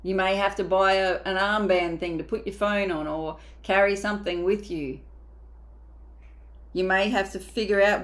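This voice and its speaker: A woman's voice: medium pitch, fairly even intonation, moderate pace. A woman mindset coach giving a motivational coaching talk, emphatic and casual, sometimes acting out inner voices.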